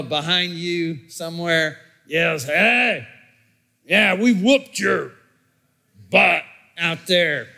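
Pastor, male, high bright voice, unhurried sermon delivery with punchy shouted lines. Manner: emphatic, repetitive, bursts into shouts.

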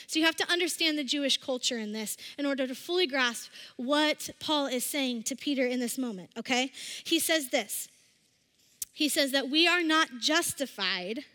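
A woman giving a casual, conversational sermon, acting out scripture scenes in lively voices. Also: high-pitched, normal speed. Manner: chatty, acts out quotes with animated voices. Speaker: speaker at a church service. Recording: long reverb of a hall.

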